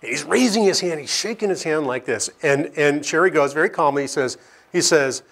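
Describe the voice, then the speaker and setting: A man's voice: on the high side, big pitch swings, brisk, a bit bright. A middle-aged man from Seattle, a scientist giving an informal lecture to a live audience, telling anecdotes with self-deprecating jokes and frequent "okay?" checks. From Seattle, United States.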